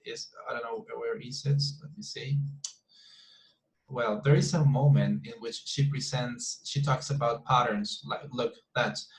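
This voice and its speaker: Male teacher, hesitant and repetitive, mid-pitched, steady online class delivery. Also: poor audio. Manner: hesitant, repeats words often. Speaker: English teacher.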